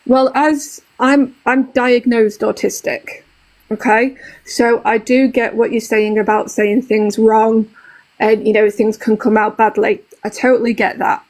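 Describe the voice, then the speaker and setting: A woman's voice: fairly high pitch, level tone, measured pace, a little mellow, low-quality recording. A woman in her thirties with a British accent, explaining her view at length in a casual live-stream chat. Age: 30s.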